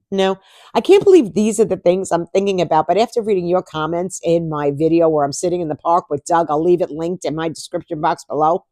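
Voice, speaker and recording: A woman's voice: lowish voice, brisk, mellow, dry recording, clean studio sound. A woman vlogger talking casually to camera, chatty and sarcastic, laughing often.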